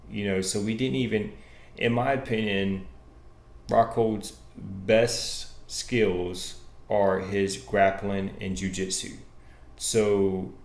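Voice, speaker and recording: A man hosting a casual livestream and giving deliberate, analytical commentary. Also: lowish voice, roomy sound. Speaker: host.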